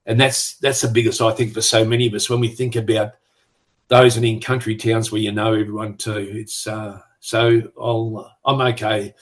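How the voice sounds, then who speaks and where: Older Australian man, low and flat voice, halting, restarting often, retired police superintendent, video call interview. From Western Australia. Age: 60s. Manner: halting and reflective, frequent restarts. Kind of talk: conversational interview.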